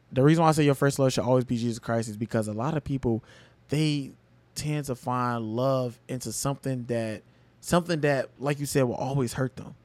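A young man co-hosting a casual faith podcast, animated and repeating phrases for emphasis. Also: mid-range voice, no echo. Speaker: podcast co-host.

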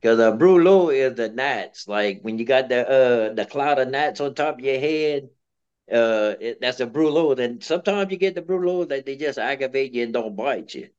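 A man's voice: mid-range voice, lively intonation, normal speed, darkish tone, clear, resonant tone, muffled recording. A man with a Cajun accent, co-hosting a casual podcast, rambling and hedging in a good-humored way. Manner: rambling, hesitant, self-correcting, good-humored. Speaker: podcast co-host. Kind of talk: casual chat.

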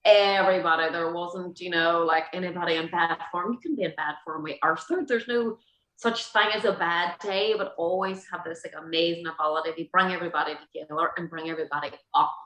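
A woman's voice: fairly low pitch, fairly even intonation, a little fast, fairly bright tone. An Irish woman chatting as a guest, peppering her stories with "like" and "you know". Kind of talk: casual chat. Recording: roomy echo.

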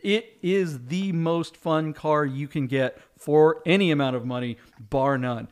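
A man with a slightly raised voice chats casually about classic cars. He gets animated when telling stories and jumps up into excited tones. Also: on the high side, measured pace, smooth. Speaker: car show co-host. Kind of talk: casual car chat.

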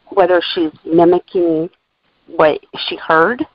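A woman's voice: on the low side, a little slow. A woman co-hosting a podcast in casual chat, methodically walking through her notes and transcripts. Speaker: podcast co-host. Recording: dull lo-fi recording.

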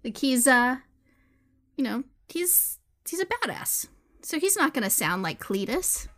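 A woman's voice: sits high, big pitch swings, a little slow, a bit bright. A woman from Texas co-hosting a podcast, chatting playfully about movies and laughing often. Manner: playful, laughs often, defends her views. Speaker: podcast co-host. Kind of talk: casual movie chat.

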